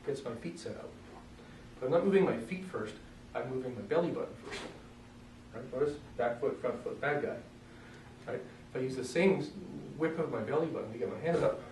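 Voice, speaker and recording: A man teaching a casual self-defense demonstration lesson in a relaxed, joking way, often clearing his throat. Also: medium pitch, slight background noise. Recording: roomy echo, mic far off, faint ambience.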